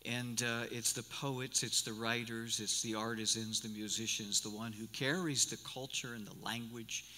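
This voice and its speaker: Folksy sixty-something pastor in a reverberant church. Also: male voice, lowish voice, fairly even intonation, moderate pace, few pauses, sharp tone. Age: 60s. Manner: folksy and rambling, with many repeated starts. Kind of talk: sermon. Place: church sanctuary. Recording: live church recording with long hall reverb.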